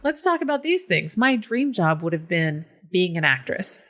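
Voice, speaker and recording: A woman co-hosting a podcast in casual chat, with vocal fry, rambling and self-mocking and laughing often. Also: fairly low pitch, very animated, normal speed, fairly bright tone. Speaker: podcast co-host.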